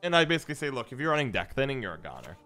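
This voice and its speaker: A man's voice: medium pitch, sing-song, racing, sharp tone. A man streaming a card game, chatting playfully with his viewers and answering chat as he plays. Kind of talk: casual live-stream gameplay commentary.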